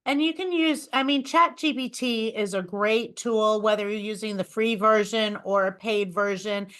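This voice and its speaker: A woman's voice: medium pitch, normal speed, a bit bright, clean tone. A woman co-hosting a webinar, talking in an upbeat, enthusiastic way. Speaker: webinar co-host. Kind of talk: casual presentation.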